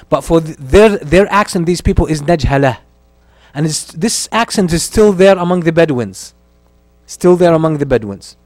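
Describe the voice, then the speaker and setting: A man's voice: sits high, darkish tone, dry recording. A man giving a religious history lesson. He recites Arabic lines, translates them and repeats key phrases for emphasis. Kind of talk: lecture on early Islamic history.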